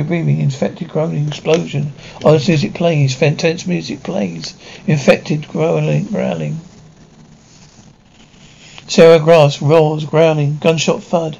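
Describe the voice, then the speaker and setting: A man reading dialogue and sound cues aloud in a flat, even way. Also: fairly high pitch, measured pace, creaky, husky. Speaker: describer. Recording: dull lo-fi recording.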